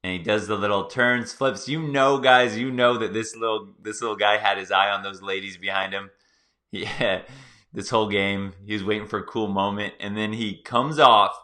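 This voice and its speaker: A male host giving excited, playful reaction commentary on a clip, talking straight to his viewers. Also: fairly low pitch.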